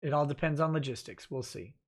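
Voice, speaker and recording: A man's voice: on the high side, expressive, fast talker. A man hosting a livestream, reading viewer comments aloud and answering them casually with restarts and chuckles. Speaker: livestream host reading chat.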